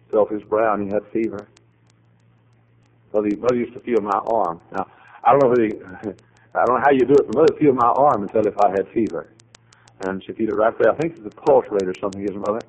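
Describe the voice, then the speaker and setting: A man preaching a sermon, telling a story with acted dialogue and swings to loud, high emphatic climaxes. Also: fairly even intonation, normal speed, long pauses, husky, lo-fi sound.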